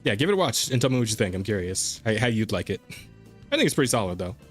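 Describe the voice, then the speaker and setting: A man's voice: lowish voice, very animated, quick pace, slightly rough, soft background music. A man co-hosting a casual podcast, swearing freely, laughing a lot and restarting his sentences. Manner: loose and profane, laughs often, stammers on restarts. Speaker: podcast co-host.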